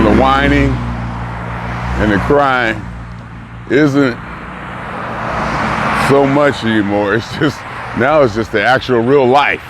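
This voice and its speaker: Older guy just rambling, unhurried, thoughts trailing off, cars going by loud. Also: medium pitch. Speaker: vlogger. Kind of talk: casual reflective monologue. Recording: noisy outdoor traffic. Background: passing cars and street ambience.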